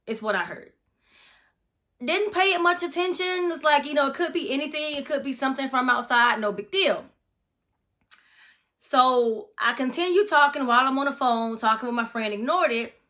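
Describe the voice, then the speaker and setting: A bright, fairly high-voiced woman from Florida recounts an eerie experience in a casual vlog. Her storytelling is chatty and dramatic, with plenty of cursing thrown in. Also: animated, moderate pace. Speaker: massage therapist.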